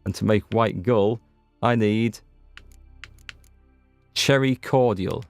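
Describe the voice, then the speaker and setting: A man with a Northern Irish accent streams a game, offering rambling, chatty let's-play talk that keeps interrupting itself. He speaks slowly in a fairly low voice, while faint game music plays underneath.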